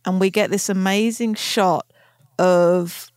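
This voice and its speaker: A woman's voice: medium pitch, steady tone, takes it slowly, darkish tone, clean tone, no echo. Gushing woman podcast co-host, dry sound. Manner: enthusiastic, gushing, quotes lines aloud. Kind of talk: casual chat.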